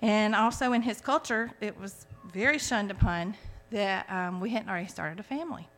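This testimony speaker, a woman in her forties, talks at normal speed in a mid-range, somewhat bright voice. Her account of her faith is sincere and heartfelt, though she often starts over.

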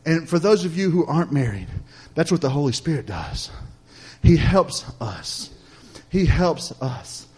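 Male pastor, slightly high voice, emphatic call-and-response sermon delivery. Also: sing-song, a little slow, husky. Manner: preacherly, repetitive cadence with call-and-response "Amen?"; swings from loud emphatic lines to soft hushed ones.

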